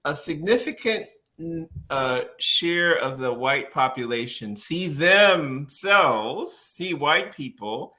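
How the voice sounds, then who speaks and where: A man's voice: fairly high pitch, animated, slow pace, bright, forceful tone. A man who is a policy researcher speaks as a guest on a podcast interview, explaining at length, often laughing and restarting his phrases as he thinks.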